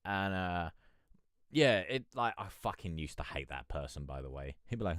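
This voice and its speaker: A man talks off the cuff as he reviews music on a live stream. His voice is low but swings up and down a lot, and it sounds dry and close to the mic. He rambles, laughs easily and swears freely. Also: animated, moderate pace, a bit bright, no room sound. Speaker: music review livestream host. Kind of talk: casual live-stream chat.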